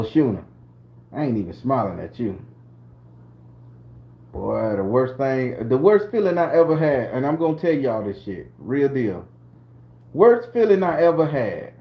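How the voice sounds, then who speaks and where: A man in his forties from southern Florida, a channel host telling personal stories and chatting with viewers, laughing often and swearing freely. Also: a little high. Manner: loud laughing, swearing, talks to chat viewers. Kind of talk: live-stream storytelling chat.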